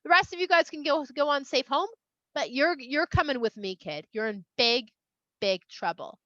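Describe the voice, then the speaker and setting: Woman playing yosef, stern man scolding thieves, high bright voice, kinda dull recording. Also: lively intonation, moderate pace, no echo. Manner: scolding, stammering with anger. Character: Yosef, male Egyptian ruler, stern and accusing.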